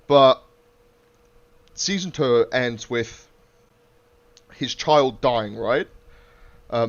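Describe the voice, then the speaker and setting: A man hosting a podcast in casual chat; he swears freely and acts out quotes. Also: medium pitch. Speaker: podcast host. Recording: muffled lo-fi podcast audio.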